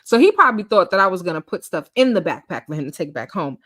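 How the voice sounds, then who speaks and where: A woman telling a personal story in casual chat, animated, acting out quotes and laughing often. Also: lowish voice, fast talker, no room sound, studio quality. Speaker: storytime host.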